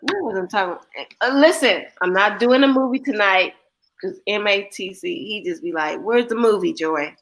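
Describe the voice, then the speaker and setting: With a medium-pitched, animated and fairly bright voice at normal speed, a young woman hosting a livestream tells blunt, swear-heavy stories. She imitates the people she quotes in this casual chat.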